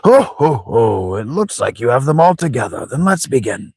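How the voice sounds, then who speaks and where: A man's voice: mid-range voice, big pitch swings, darkish tone, breathy edge, no room sound, studio quality, pitched above the performer's own voice. A man doing Bugenhagen, chuckling old sage. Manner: chuckling "ho ho ho", slow measured speech. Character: wise old man elder, chuckling, slow and grand.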